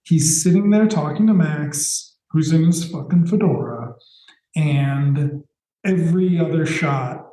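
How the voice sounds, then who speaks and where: A man's voice: a little high, unhurried, mellow, echoey room, rough recording. A man co-hosting a podcast, recapping a TV episode in casual, sarcastic chat with the odd swear. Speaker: podcast co-host.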